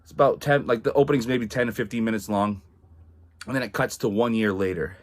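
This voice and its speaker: Rambling low-voiced man reviewing a movie. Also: steady tone, fairly quick. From Massachusetts. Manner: rambling, heavy on "like" and "um", swears freely. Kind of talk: casual spoken film review.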